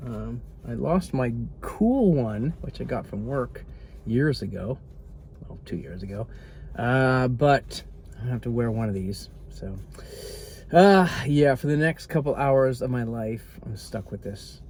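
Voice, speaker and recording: A man's voice: mid-range voice, lively intonation, unhurried, a little mellow, slight background noise. A man chatting casually as a travel vlogger, rambling and easily distracted, with dry joking asides. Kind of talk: casual vlog chat to camera.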